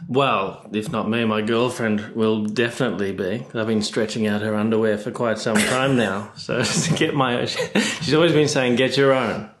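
Australian man, cheeky, joking, fairly low voice, guest on a chat. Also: steady tone, moderate pace, hardly any pauses, noisy background. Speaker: guest correspondent. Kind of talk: casual chat.

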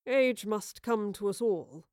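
A woman puts on a portly gentleman in his forties, dignified but wounded, speaking in formal, old-fashioned phrases. The voice is smooth and clear, recorded dry and close. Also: sits high, moderate pace, no echo, close to an everyday voice. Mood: shaken. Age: 40s. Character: older man, portly, wounded, dignified, melancholy.

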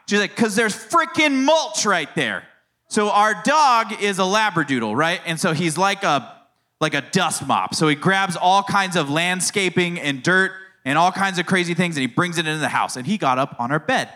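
Male pastor, 30s, casual storytelling sermon, slightly high, bright voice. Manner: storytelling, conversational, playful asides. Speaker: youth pastor.

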